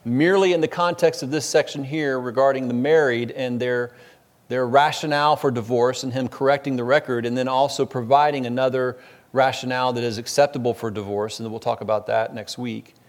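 A man's voice: medium pitch, steady tone, a little fast. A man, the pastor, preaching an expository sermon in a conversational, emphatic way, often restarting his phrases.

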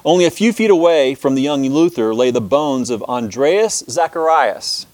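Man, history lesson, halting speech, many restarts, dry close sound. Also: medium pitch, expressive, a little mellow, no echo. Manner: halting, many restarts and fillers, reads passages aloud. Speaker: teacher.

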